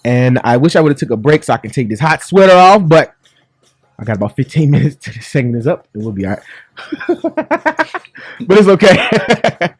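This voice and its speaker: A man's voice: mid-range voice, animated, quick pace, no echo. A man hosting a sports talk show, joking and chatty, in a studio. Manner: upbeat, joking, laughs often. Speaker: sports radio host.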